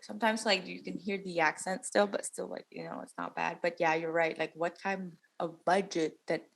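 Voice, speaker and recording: A woman's voice: fairly low pitch, steady tone, normal speed, vocal fry. A young woman from Macau, co-hosting a podcast, chatting casually and animatedly, full of fillers and quoted voices. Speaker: podcast co-host. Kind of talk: casual reaction chat.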